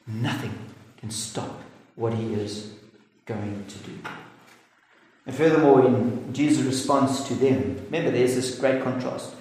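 Earnest preacher in an echoey hall. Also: male voice, medium pitch, a little mellow. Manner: earnest, emphatic, slows for stress. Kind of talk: sermon. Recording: echoey hall with faint noise.

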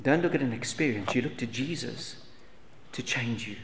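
An earnest male preacher of middle pitch presses repeated rhetorical questions on his listeners. He swings from loud emphasis to hushed lines. His voice carries a long hall reverb over a faint hiss. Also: moderate pace. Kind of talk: sermon.

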